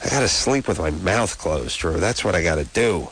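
A man's voice: sits low, expressive, moderate pace, fairly bright tone, a little hiss or hum. A man co-hosting a late-night call-in radio show, joking bluntly and riffing, with a sore throat and stuffy nose. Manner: joking, blunt, rambling riffs. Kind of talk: casual comic radio banter.

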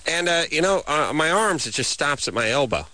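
Deadpan, rambling male radio co-host. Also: a little high, brisk. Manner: wry, deadpan, rambling with many fillers. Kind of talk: casual late-night radio banter.

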